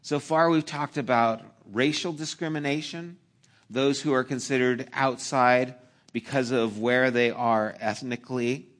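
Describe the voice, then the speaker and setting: A male pastor with a medium-pitched voice delivers a sermon at an unhurried pace. He tells a childhood story in an animated, humorous way, with asides to the congregation.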